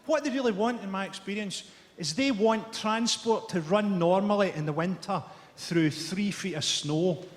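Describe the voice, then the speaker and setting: A Scottish man in his forties doing a stand-up routine before a live audience, delivering dry, dark one-liners with sharp punchlines. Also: high-pitched, moderate pace. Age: 40s. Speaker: stand-up comedian. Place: large theatre stage. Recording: echoey theatre stage with roaring crowd.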